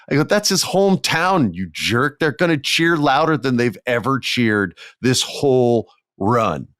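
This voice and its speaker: A man hosting a podcast, telling a story in a casual, animated, jokey way and acting out the people he quotes. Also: sits low, no room sound, clean studio sound. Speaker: podcast host. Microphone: podcast mic, on video.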